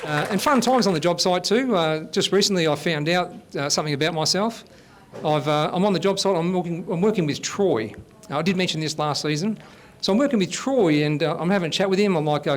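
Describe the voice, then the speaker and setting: A man in his fifties with an Australian accent, hosting and doing a stand-up comedy set with deadpan storytelling and blokey banter. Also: high voice, fairly quick. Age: 50s. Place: live comedy stage.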